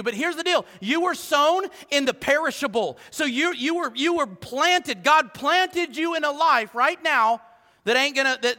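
A man preaching a sermon as pastor, animated and joking with the congregation in a church hall. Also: extremely high pitch. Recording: long church hall reverb.

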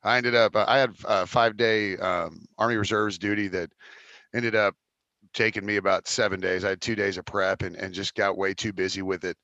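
A man's voice: on the low side, steady tone, moderate pace, bright, forceful tone, no room sound, highs cut off. A young man co-hosting a podcast remotely, chatting casually and rambling with lots of fillers and restarts. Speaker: podcast co-host. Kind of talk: casual chat. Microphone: remote call.

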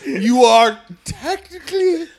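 A man's voice: very high voice, slow pace, creaky, crowd noise. A man co-hosting a comedy history podcast, joking and swearing in casual chat. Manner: animated, joking, profane. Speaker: podcast co-host.

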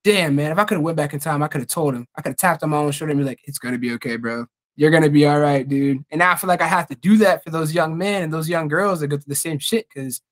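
A man's voice: a little high, racing, few pauses, a bit bright. A young man hosting a casual podcast, talking in an earnest, heartfelt way and swearing freely. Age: young adult. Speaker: podcast host.

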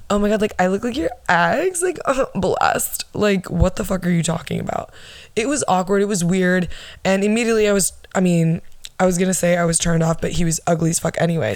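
A woman's voice: lowish voice, a little mellow, no room sound. A young woman in her twenties telling a story on her podcast in a casual, sarcastic and blunt way, swearing freely. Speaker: podcast host.

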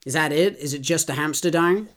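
A man co-hosting a book podcast in an easygoing chat. He sounds enthusiastic and affirming, and he often restarts his sentences when he gets excited. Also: a little high, a little fast. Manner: enthusiastic, affirming, stumbles over words. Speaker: podcast co-host. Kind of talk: casual book discussion.

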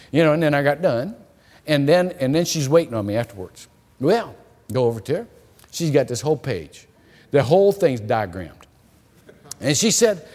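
A male pastor preaching a sermon, telling stories in an animated way with frequent repeated words. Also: fairly high pitch, moderate pace, long pauses. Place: church hall. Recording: long reverb of a church hall.

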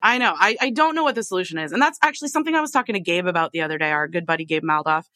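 A woman hosts a casual podcast chat, gushing about colleagues and tossing in quick asides. Her voice is bright and forward, heard close and dry. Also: fairly low pitch, lively intonation, dry recording. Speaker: podcast host.

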